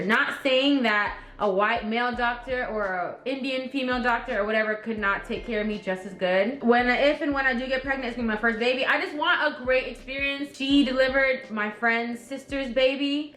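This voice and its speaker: A woman's voice: a little high, echoey room. A young woman vlogging, animatedly retelling a story and acting out what people said. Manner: chatty, animated retelling with quoted voices. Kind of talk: casual storytelling to camera.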